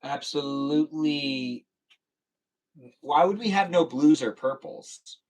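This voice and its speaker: A man's voice: fairly high pitch, slow. A man chatting casually on a livestream, reading the chat aloud and teasing his viewers playfully.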